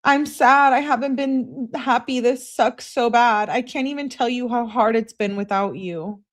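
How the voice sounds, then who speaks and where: A woman reading aloud as a pleading teenage girlfriend who begs again and again, her voice raised higher than her own. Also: a little slow, natural voice. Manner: high, breathless pleading with repeated begging.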